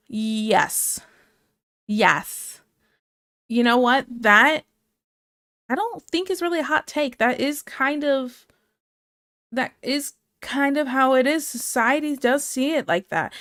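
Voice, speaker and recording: Chatty higher-voiced woman from Ohio. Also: no echo, studio quality. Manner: chatty, rambling, easily sidetracked, answers chat aloud. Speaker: streamer. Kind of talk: casual chat with live chat while drawing.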